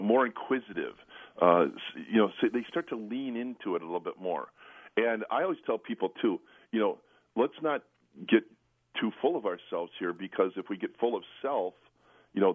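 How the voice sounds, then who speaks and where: A priest recovering from the flu talks earnestly on a call-in radio show, his voice hoarse and gravelly, full of restarts and "you know.". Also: dry recording. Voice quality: deep and gravelly. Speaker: priest, spiritual director. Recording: dry, tinny phone-line sound.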